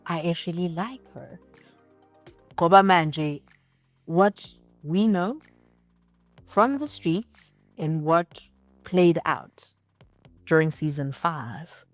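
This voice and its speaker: A woman interviewing a guest, asking measured questions in English and Zulu. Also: fairly low pitch, dry recording.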